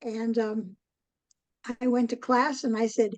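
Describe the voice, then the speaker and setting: An older woman, a guest in an interview, telling a long story in a rambling way, with many pauses and "um"s. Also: a little high, steady tone, darkish tone, dry recording, rough recording. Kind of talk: casual interview chat.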